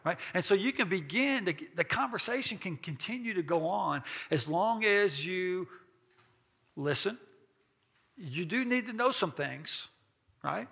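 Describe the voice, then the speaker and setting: A man's voice: high-pitched, lively intonation, measured pace, creaky, a bit bright, slightly rough. A man teaching a church class in a folksy, interactive way, asking the group questions and laughing often.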